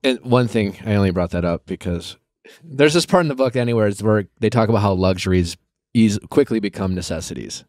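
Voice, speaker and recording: A man's voice: on the low side, fairly quick, a little mellow, no echo, studio quality. A man hosting a podcast, telling stories in a rambling, casual way with frequent restarts and some swearing. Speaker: podcast host. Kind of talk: casual chat.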